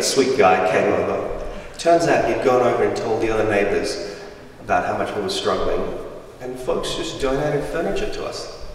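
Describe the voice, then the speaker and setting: A young man from Afghanistan giving a lively, humorous storytelling talk as a guest speaker in a school hall, heard through a distant microphone. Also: mid-range voice, slight background noise. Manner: lively, humorous, acts out voices of people in his stories. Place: large school hall with audience. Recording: roomy echoey hall from far off.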